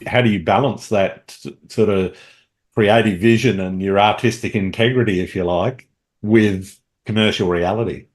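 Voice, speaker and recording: Low-voiced male interviewer. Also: fairly even intonation, normal speed. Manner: mostly short backchannel replies. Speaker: podcast host. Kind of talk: casual interview conversation.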